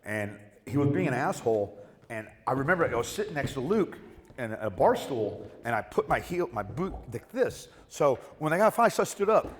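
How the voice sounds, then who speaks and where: A man's voice: mid-range voice, normal speed. A man on a convention panel telling profane anecdotes and acting out the people in them. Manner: animated, acts out the people in his stories. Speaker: guest actor on a convention panel. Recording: echoey convention hall.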